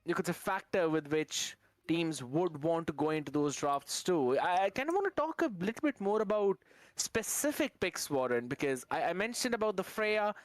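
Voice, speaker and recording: A man with a fairly high voice works through esports tournament commentary, steady and analytical, with stock phrases such as "out here." His voice sits close and dry against the mic. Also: moderate pace, no echo. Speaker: esports caster.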